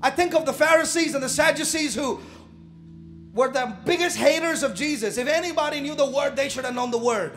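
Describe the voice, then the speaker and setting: Man, pastor, very high voice, live church sermon, shouts and quiet asides, faint music behind. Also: fairly quick. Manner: animated preaching, shouting and dropping to asides; casual slang, laughs at own jokes.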